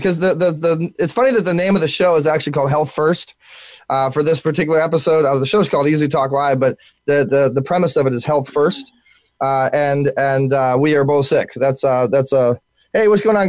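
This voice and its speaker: A man hosting a live internet talk show, energetic and full of fillers and repeated words, while sick. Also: on the high side, no room sound.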